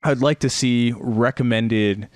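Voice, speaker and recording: A man's voice: mid-range voice, steady tone, slow, dry recording. A man co-hosting a podcast, reviewing a product in casual chat, rambling with fillers and restarts. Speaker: podcast co-host.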